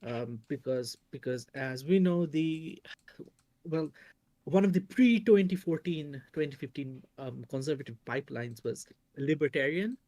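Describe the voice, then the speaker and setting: A man with an Indian accent and a slightly higher voice chats on a livestream, expressive in cadence and quick to agree or joke. His voice sounds dry and close. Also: dry recording. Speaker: podcast co-host. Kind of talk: casual livestream chat.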